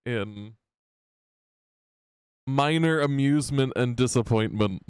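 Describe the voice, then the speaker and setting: Male game master with a smooth, dry voice. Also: medium pitch, dry recording. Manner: relaxed, halting narration with fillers. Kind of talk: narrating a tabletop game.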